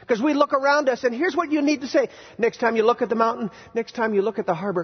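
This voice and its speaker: A man preaching with a strikingly high, husky voice. He is animated and teases his congregation with rhetorical questions and mock outrage. The sound is dull and muffled, with long reverb from a church sanctuary. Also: fast talker, few pauses. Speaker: pastor. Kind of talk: sermon.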